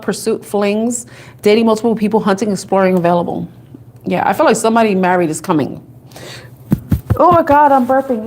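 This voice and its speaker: A chatty woman reads tarot cards and thinks out loud as she goes. She giggles easily, and her voice sits in an ordinary middle register. A little background noise sits under her voice. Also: mid-range voice. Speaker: tarot reader. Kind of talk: casual tarot reading to camera.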